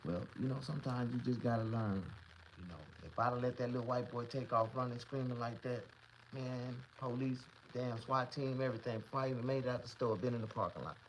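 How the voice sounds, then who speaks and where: A man vlogging to camera, telling a comedic story in a profane, boastful, animated way. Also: medium pitch, a little fast, a little hiss or hum, poor audio.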